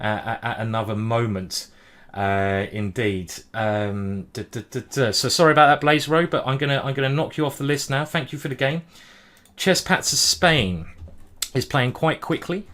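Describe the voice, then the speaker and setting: A man's voice: mid-range voice, fairly bright tone. Man thinking aloud through chess moves. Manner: thinks aloud move by move, hums while pondering; hurried, juggling many boards. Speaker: chess streamer playing a simultaneous display. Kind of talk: live-stream chess commentary.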